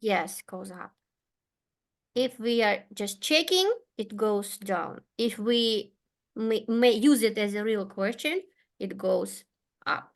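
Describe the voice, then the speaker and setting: A woman teaching an English lesson, speaking patiently and clearly. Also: fairly high pitch, expressive. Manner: patient, slow and clear, with frequent okays. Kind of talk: online one-to-one English lesson.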